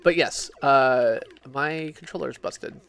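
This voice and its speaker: A man's voice: mid-range voice, slow pace, gravelly, fairly bright tone, clear, resonant tone. A drunk man streaming games, rambling and swearing in casual chat, with lots of restarts and fillers. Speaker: game streamer.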